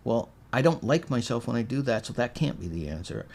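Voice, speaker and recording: A middle-aged man from Michigan, a podcast guest telling a story in a casual, animated way and acting out the quotes. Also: mid-range voice, fairly quick. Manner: animated storyteller, acts out quotes with swings in loudness.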